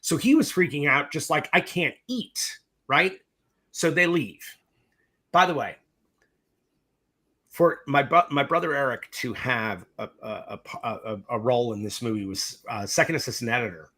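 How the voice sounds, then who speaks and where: A middle-aged man with a husky, bright, forward voice tells stories from his career in a relaxed interview. He is animated and profane, and he jumps into quoting both sides of old conversations as he goes. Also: medium pitch, normal speed. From US East Coast. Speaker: film director, interview guest. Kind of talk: casual interview storytelling.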